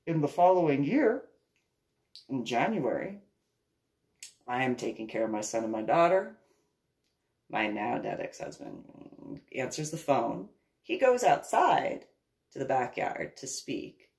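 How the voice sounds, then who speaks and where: A woman casually telling a long personal story in a rambling, animated way, with laughs and restarts along the way. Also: extremely low pitch, a little slow, gravelly, pauses often.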